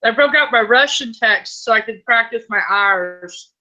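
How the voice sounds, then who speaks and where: A woman who has joined a live stream, speaking with a slight lisp, chatty and quick to laugh. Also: a little high, sharp tone, rough recording. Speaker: viewer joining the stream.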